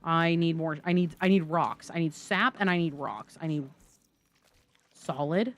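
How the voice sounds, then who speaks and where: Speaking unhurriedly in a voice that sits low, a game streamer plays live and keeps up a chatty, jokey conversation with her chat.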